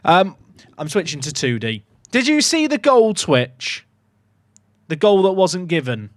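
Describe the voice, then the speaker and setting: Animated man commentating gameplay. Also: sits high, measured pace, pauses often, no echo. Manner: animated, sarcastic, swings between excitement and mock despair. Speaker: gaming streamer.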